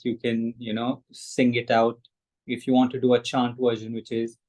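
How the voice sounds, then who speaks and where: A man guiding a mantra meditation, soft-spoken, often checking in with "right?". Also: mid-range voice, completely flat delivery, normal speed, rough recording. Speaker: meditation facilitator. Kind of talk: guided meditation and mantra teaching.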